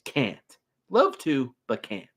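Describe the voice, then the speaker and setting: An actor playing a sarcastic, smooth-talking male god of the underworld in animated film dialogue. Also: medium pitch, slow, heavily acted. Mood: mocking.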